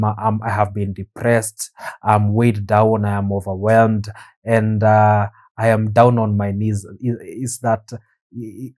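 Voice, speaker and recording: A man hosting his own show, talking in an earnest, measured way with frequent pauses. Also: fairly low pitch, darkish tone. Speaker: podcast host. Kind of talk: reflective solo talk.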